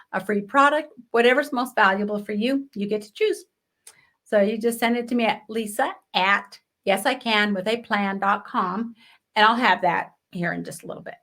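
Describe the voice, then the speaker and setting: A woman's voice: medium pitch, fairly bright tone. A woman hosting a live business show, teaching marketing in a chatty, direct way with rhetorical questions.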